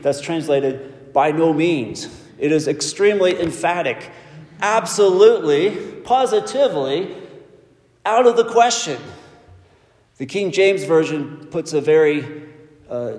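Emphatic preacher in an echoing hall. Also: male voice, a little high, darkish tone. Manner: emphatic, measured preaching with slow stressed phrases. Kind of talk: sermon. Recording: echoey hall with long reverb.

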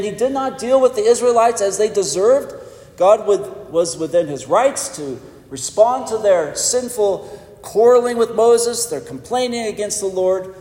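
A man preaching a sermon in a measured, emphatic way with pauses for weight. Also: fairly high pitch, dark tone. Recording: echoey church hall.

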